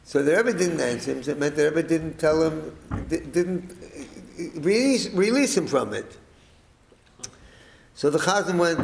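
A middle-aged man telling a family story to listeners, rambling and animated, acting out the quoted speech. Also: on the high side, measured pace, creaky, roomy sound, rough recording.

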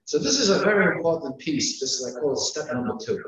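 A man's voice: a little high, big pitch swings, fast talker, a bit bright. A man teaching a class, counting off numbered points and repeating key phrases for emphasis. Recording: echoey room, far from mic, dull sound.

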